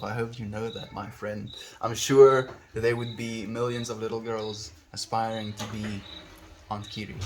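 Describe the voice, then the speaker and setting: A man's voice: on the low side, a little hiss or hum. A young man streaming live, chatting casually with viewers, easygoing and affectionate, laughing often. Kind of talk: casual livestream chat reading viewer comments.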